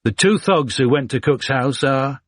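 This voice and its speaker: In an audiobook, a man voices a blunt, skeptical Yorkshire businessman with a dismissive tone. His medium-pitched delivery is lively at normal speed, pitched above his own voice yet close to an everyday one. The recording is dry with clean studio sound.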